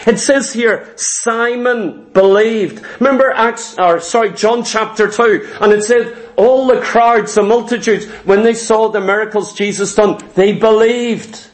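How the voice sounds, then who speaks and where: A man's voice: high voice, normal speed, few pauses. A man preaching a sermon, emphatic and fervent, retelling scripture with vivid asides.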